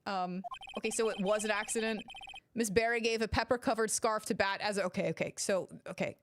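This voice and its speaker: A woman's voice: medium pitch, steady tone, a little fast, slight background noise, close to an everyday voice. Woman reading as a flustered, bumbling old judge. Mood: confused. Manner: hesitant, stumbling over his words.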